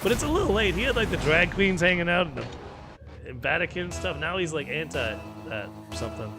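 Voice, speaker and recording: Music plays behind an American man hosting a stream and loosely chatting as he watches a game. He speaks fairly quickly in a fairly high, expressive voice, stumbling over words, repeating himself, and laughing often.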